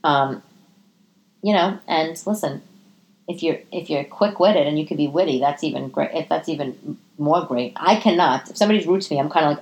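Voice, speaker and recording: A woman in her thirties hosting a casual solo podcast from her living room, chatty and profane, often jumping into animated high-pitched asides. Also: fairly quick. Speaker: podcast host.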